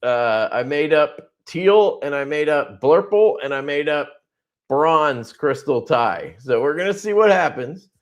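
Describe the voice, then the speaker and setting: A man's voice: fairly high pitch, lively intonation, unhurried, muffled recording. Rambling, swearing man on a livestream. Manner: rambling, profane, laughs often. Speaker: livestream host. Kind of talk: casual livestream chat.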